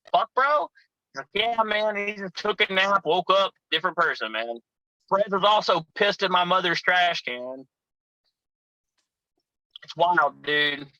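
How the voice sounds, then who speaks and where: A man's voice: high-pitched, bright, forceful tone, no room sound, rough recording. A man telling profane, rowdy road stories in a casual chat as a guest. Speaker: pro wrestler guest.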